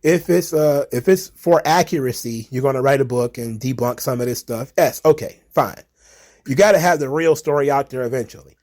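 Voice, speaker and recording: A man's voice: medium pitch, a little fast, a little mellow. A young adult man hosting a wrestling commentary channel, casually reacting to viewer comments with sarcasm, frequent laughter and casual swearing.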